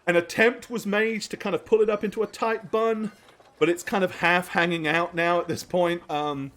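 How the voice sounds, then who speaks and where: A man's voice: on the high side, fairly bright tone. A man narrating a tabletop game as game master, rambling through scene descriptions with lots of ums.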